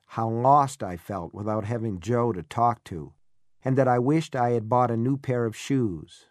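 A man reading a first-person audiobook in a measured, reflective way. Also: medium pitch, darkish tone, dry recording, clean studio sound. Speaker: audiobook narrator.

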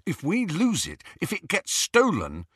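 A man's voice: high-pitched, wildly swooping pitch, a little slow, a bit bright, breathy edge, no room sound, studio quality, voice pushed up, exaggerated voice. A man voicing a shaken, defensive teenage boy who speaks firmly when pressed. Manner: defensive, firm.

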